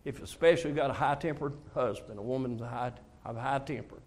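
Older preacher telling stories. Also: male voice, mid-range voice, quick pace, darkish tone. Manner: storytelling, acts out dialogues with God, emotional confessions. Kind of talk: folksy conversational sermon.

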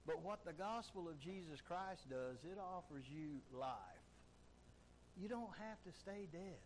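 A man's voice: high voice, expressive, a little slow, a little hiss or hum, low-quality recording. A man preaching a sermon emphatically, driving his points home with repeated rhetorical questions. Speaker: pastor.

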